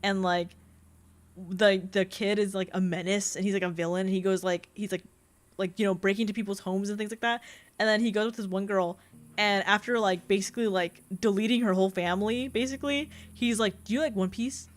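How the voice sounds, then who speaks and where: A VTuber streamer, a young adult woman, chats casually while gaming live, laughing often as she reads chat. Her voice is medium-pitched with fairly even intonation and a slightly fast pace.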